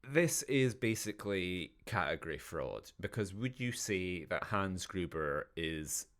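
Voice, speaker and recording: A man with a very low, deep voice chatting on a podcast in a loose, rambling way. He drifts from point to point and laughs at his own jokes. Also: big pitch swings, a little slow, a bit bright. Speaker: podcast co-host. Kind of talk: casual chat reviewing films.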